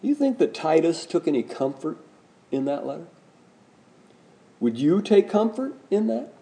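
A man's voice: on the high side, sing-song, a little slow, creaky, mellow. A male pastor delivering a sermon, emphatic and questioning the congregation directly. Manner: emphatic preaching with rising, pointed questions.

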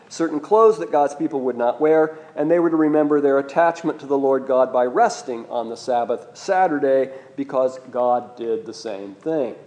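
A man's voice: on the high side, darkish tone. A man preaching a sermon, teaching in a conversational way with asides and questions to the listeners.

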